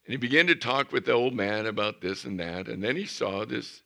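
A man's voice: medium pitch, a little fast, vocal fry, sharp tone. A man preaching a sermon as pastor, earnest and emphatic.

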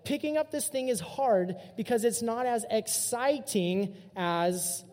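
A young man preaches to a youth group in a casual, animated storytelling manner. His voice sits high and has a mellow, relaxed tone. It rings with the long reverb of a hall. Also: takes it slowly. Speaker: youth pastor. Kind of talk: youth sermon.

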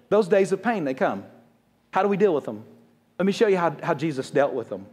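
Fast-talking, high-voiced male pastor preaching. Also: big pitch swings, a little mellow, breathy edge. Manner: fast, conversational preaching with quick jokes and acted-out quotes. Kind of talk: sermon.

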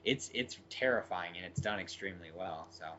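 A man's voice: low-pitched, brisk, sharp tone, dull audio, slight background noise. A man co-hosting a podcast, chatting casually and enthusiastically about a film, with lots of fillers. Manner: rambling, enthusiastic, many fillers. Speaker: podcast co-host.

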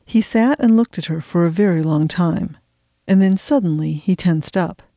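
In a steady, measured storytelling voice, a woman narrates an audiobook. Her pitch is fairly low, and the recording is dry and studio quality.

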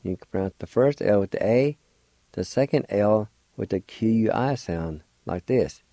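A man's voice: on the low side, expressive, dark tone, no room sound. A man hosting a radio language lesson, spelling words letter by letter and pronouncing them patiently. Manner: slow, deliberate spelling letter by letter; patient, encouraging teacher. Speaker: radio show host teaching language.

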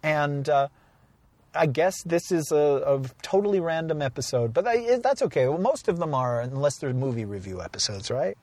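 A man's voice: fairly high pitch, sing-song, normal speed, darkish tone, no room sound. A man co-hosting a podcast in casual chat, rambling through stories and laughing often. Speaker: podcast co-host.

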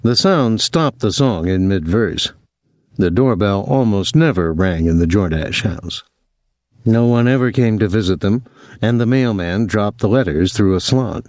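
A man reading an audiobook as the narrator in a measured, even way. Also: lowish voice, no echo, clean studio sound. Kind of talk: scripted narration.

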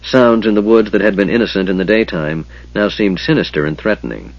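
A man reading a fantasy novel aloud in a measured storytelling manner. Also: fairly low pitch, lo-fi sound. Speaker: audiobook narrator. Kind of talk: scripted fantasy narration.

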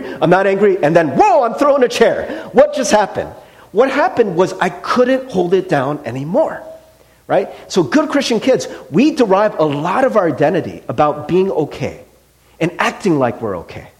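A middle-aged man preaching a casual sermon as a pastor, conversational with frequent fillers and acted-out quotes. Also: high voice. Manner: conversational, animated, many "like" and "right?" fillers, acts out quotes.

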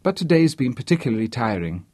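A man voicing a gentle young model. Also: mid-range voice, very animated, quick pace, no echo. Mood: gentle, weary. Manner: gentle, soft-spoken. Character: gentle young woman model, tired but polite.

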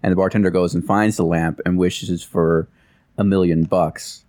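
Deep voiced dude telling a joke slow and careful, dry mic. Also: male voice, steady tone, dark tone, no room sound. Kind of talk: casual chat, joke telling.

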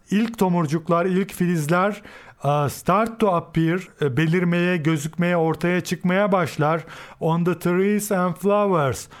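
A man whose first language is Turkish teaches English, repeating example sentences several times and then translating and explaining them. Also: sits high.

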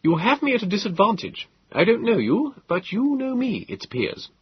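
A man voicing an eager, brusque young Victorian gentleman inventor in an audiobook, speaking excitably and abruptly. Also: sits high, normal speed, husky, dry recording, highs cut off, voice pushed up, full character voice. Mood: flustered. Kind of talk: audiobook character voice.

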